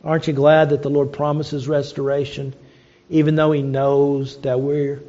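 A man's voice: on the high side, monotone, normal speed, dark tone. A man preaching a sermon, emphatic and asking rhetorical questions, in a dull lo-fi recording. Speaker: pastor.

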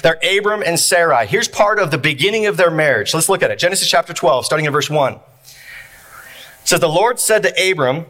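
Pastor, male, sermon delivery, bright tone, repeats phrases for emphasis. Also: a little high, lively intonation. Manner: preaching with dramatic pauses and repeated phrases. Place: church.

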